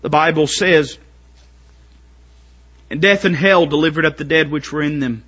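A man preaching a sermon to his congregation, building up to shouted, strained pleading climaxes. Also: fairly high pitch, normal speed, husky, dull audio.

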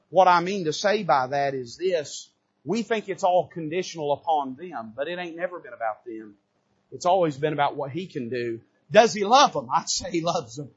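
A man preaching a sermon from the pulpit, swinging from hushed to shouting. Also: husky, highs cut off. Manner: preaching with big swings in pitch and loudness, rising to shouts. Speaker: pastor. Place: church sanctuary.

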